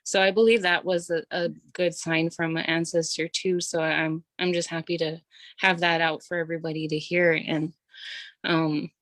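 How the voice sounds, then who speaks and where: A woman hosting a casual interview, speaking in an appreciative, gentle way. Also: lowish voice, flat delivery, normal speed, dry recording, poor audio. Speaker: host.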